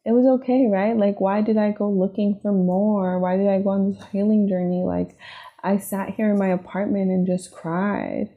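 A woman's voice: medium pitch, fairly even intonation, moderate pace, narrow, tinny audio. A woman hosting a podcast, talking through her personal struggles in a reflective, confessional monologue, emotional and leaning on fillers like "like" and "right?". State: emotional, near tears. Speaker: podcast host.

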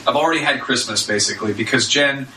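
A man co-hosting a comedy podcast, telling a story in an animated, excitable way. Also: medium pitch, fast talker. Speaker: podcast co-host. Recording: roomy, distant mic with faint noise.

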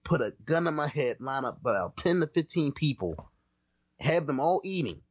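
A man's voice: fairly high pitch, sing-song, moderate pace, husky, no echo, highs cut off. A man co-hosting a podcast in casual chat, talking emphatically and restarting his sentences often. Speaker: podcast co-host.

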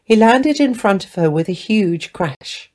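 A woman reading a children's fantasy story aloud in a gentle, clear storybook narration. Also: medium pitch, lively intonation, normal speed. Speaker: story reader.

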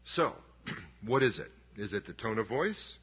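A man's voice: lowish voice, very animated, measured pace, a bit bright, breathy edge. A middle-aged man preaching a sermon as pastor, conversational and emphatic, with self-deprecating humor.

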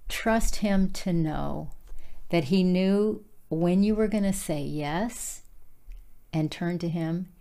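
A woman's voice: on the low side, creaky, dark tone. A woman giving a casual devotional Bible teaching, speaking earnestly and directly to her listeners.

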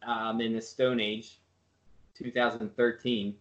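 A man's voice: medium pitch, little pitch movement, slow pace, a bit bright. A man co-hosting a podcast in casual, sarcastic banter. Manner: sarcastic, mocking. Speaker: podcast co-host. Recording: roomy, dull lo-fi sound.

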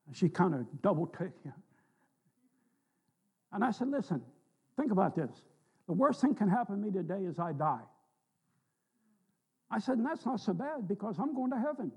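A man's voice: sits high, very animated, moderate pace, long pauses, a little mellow, slightly rough. A man preaching a sermon in a church, telling folksy stories and rising with emphasis on scripture. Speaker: pastor. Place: church sanctuary.

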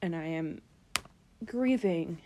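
A woman's voice: lowish voice, expressive, warm tone, slight background noise. Woman with a groggy morning voice. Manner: slow, subdued and sorrowful, with many ums. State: groggy morning voice, just woken up. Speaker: podcast host. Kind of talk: casual solo podcast talk.

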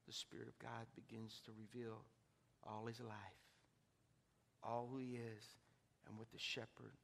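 A man preaching a sermon as pastor. He moves between hushed, intimate passages and loud, soaring climaxes, then leads an altar call. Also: fairly high pitch. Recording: reverberant hall, from a distance.

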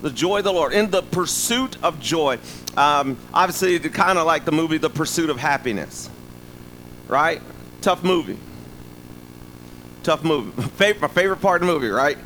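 A man delivers a sermon in a high, bright voice. He talks in an animated, humorous way, throwing asides to the congregation, with faint noise in the background. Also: moderate pace, low-quality recording. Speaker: preacher.

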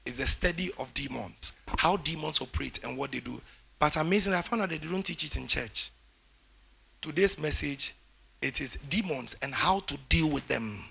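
A man preaching a sermon, emphatic, with declarations that rise loud toward the end. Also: fairly high pitch, lively intonation, normal speed, vocal fry, slight background noise.

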